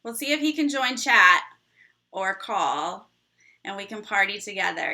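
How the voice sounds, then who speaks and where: A woman's voice: fairly high pitch, expressive, measured pace, pushed and bright. A young woman hosting a casual live chat with her viewers, bubbly and rambling, laughing often. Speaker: livestream host.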